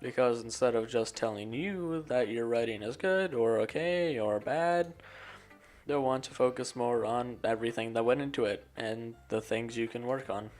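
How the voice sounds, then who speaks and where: A man voicing a cheerful young woman who leads a literature club, reading her game lines in a flat monotone. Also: mid-range voice, normal speed, soft background music, lightly acted. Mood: advising. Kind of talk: game dialogue read aloud.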